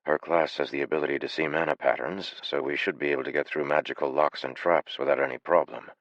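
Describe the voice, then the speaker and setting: A man voicing a calm, unflappable male adventurer leader who speaks flatly and matter-of-factly. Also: very deep voice, fast, no room sound, dull audio. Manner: calm, flat, matter-of-fact.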